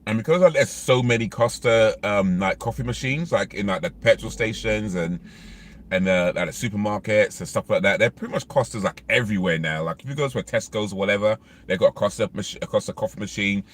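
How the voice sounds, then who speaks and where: A man's voice: fairly low pitch, brisk, a little hiss or hum. A man, vlogging in casual, rambling chat while eating in his car. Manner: rambling, chatty, many fillers. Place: inside a parked car.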